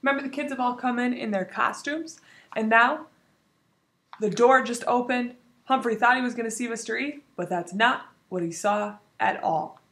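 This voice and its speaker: A woman teacher reading a children's book aloud in an expressive, animated way. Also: fairly high pitch, normal speed. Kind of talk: storybook read-aloud. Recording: roomy echo.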